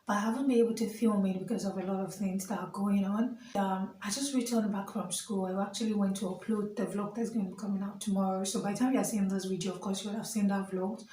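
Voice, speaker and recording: A woman's voice: medium pitch, steady tone, fast talker, few pauses, mellow, recorded from a distance, slight background noise. Young woman, Nigerian accent, casual vlog, earnest and chatty, echoey room. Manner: chatty, earnest, many fillers and asides. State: standing while filming. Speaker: vlogger. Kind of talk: casual vlog talk to camera.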